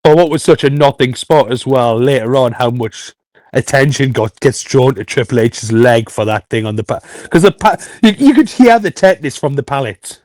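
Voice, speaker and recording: A man's voice: medium pitch, lively intonation, moderate pace, a little mellow, no room sound. A man co-hosting a podcast, chatting casually and laughing often at his own jokes. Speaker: podcast co-host. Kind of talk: casual chat.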